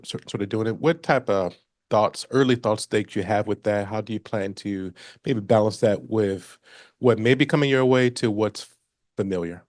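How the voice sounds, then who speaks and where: A man's voice: fairly low pitch, a little mellow, no echo, studio quality. A man asking a casual, rambling question at a press conference. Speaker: reporter.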